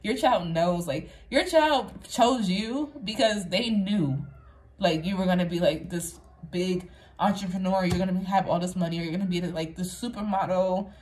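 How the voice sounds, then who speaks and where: A woman's voice: fairly low pitch, moderate pace, darkish tone. A woman giving a casual pick-a-card tarot reading, talking straight to the viewer in a rambling, earnest way, filling her sentences with "like.". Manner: rambling, chatty, fills speech with "like"; earnest, affirming, addresses viewer directly. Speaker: tarot reader.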